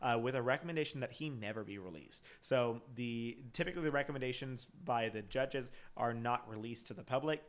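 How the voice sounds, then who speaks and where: A man's voice: mid-range voice, brisk, few pauses. A man co-hosting a casual podcast, retelling a crime case from his notes with plenty of fillers and restarts. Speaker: podcast co-host.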